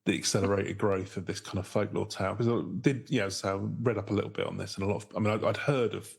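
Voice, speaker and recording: A man with a low, gravelly voice, a touch husky around the edges. He co-hosts a podcast in easy casual chat. His sentences wander and loop back as he corrects himself mid-thought. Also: steady tone, fast. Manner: rambling, loose and self-correcting. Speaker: podcast co-host.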